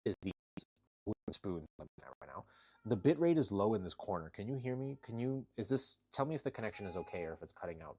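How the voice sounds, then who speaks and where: A man with a deep, low voice chats loosely with his viewers on a home live stream. He talks through his workout and tells off his cats now and then, with the cats heard in the background. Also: husky. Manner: chatty, talks to viewers and cats while working out. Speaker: livestreamer. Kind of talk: casual live-stream chat. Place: home, kitchen corner.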